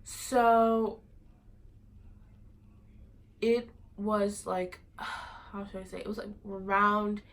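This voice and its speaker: A woman's voice: medium pitch, fairly even intonation, extremely slow, pauses often, fairly bright tone, poor audio. Young woman rambling through a story. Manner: rambling, many fillers like "like" and "you know". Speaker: vlogger. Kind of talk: casual storytelling.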